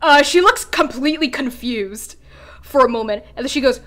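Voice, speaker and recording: Casting note: high-pitched woman running a tabletop game, lively narration. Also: moderate pace. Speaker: game master.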